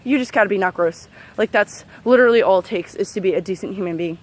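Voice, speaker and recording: A woman's voice: mid-range voice, fast. Angry young woman venting to camera. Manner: heated, profane, sarcastic, with frequent fillers and laughs. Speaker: vlogger. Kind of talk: angry unscripted rant to camera.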